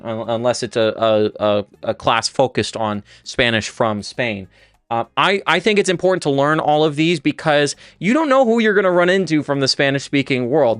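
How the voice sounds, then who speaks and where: A man's voice: a little high, smooth, no room sound. A man teaching a casual live-streamed Spanish lesson, thinking aloud with fillers and restarts while he writes out conjugations.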